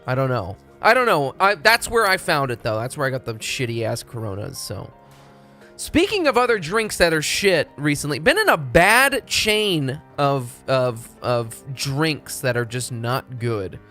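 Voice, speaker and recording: A man's voice: mid-range voice, big pitch swings, unhurried, sharp tone, faint music behind. A young man from Texas, chatting casually and profanely on a live stream. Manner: rambling, profane, laid-back.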